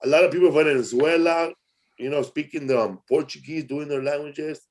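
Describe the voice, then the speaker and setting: Talking a little quickly in a fairly high voice, a middle-aged podcast host spins rambling, casual stories. His speech is slangy and loose, full of "bro" and "man."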